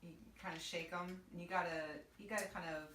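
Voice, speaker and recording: A patient woman artist explains her craft, laughing easily. Her voice is bright and slightly low. The mic sits far off in a roomy, echoing studio. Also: little pitch movement, fast, a little hiss or hum. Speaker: local artist, guest. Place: art studio.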